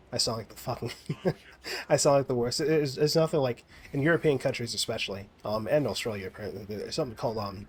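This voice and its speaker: This gaming vlogger from the United States has a fairly low-pitched voice, captured with slight background noise. His gameplay talk is a casual, rambling stream of swearing, fillers, and sentences he keeps restarting.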